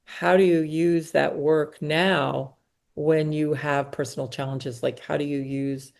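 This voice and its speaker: Female interviewer, low gravelly voice, mellow, rambling searching questions. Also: steady tone, measured pace. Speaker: host.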